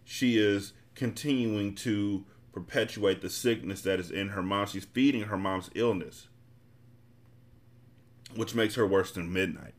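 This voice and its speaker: A man's voice: fairly low pitch, unhurried. A man hosting a podcast, reading a novel aloud and then commenting bluntly and casually. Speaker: podcast host and reader.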